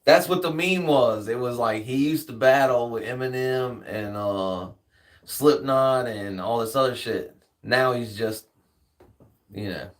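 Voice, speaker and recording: A man's voice: medium pitch, unhurried, distant mic, low-quality recording. A man hosting a live stream in casual chat, laid-back and slangy, swearing freely.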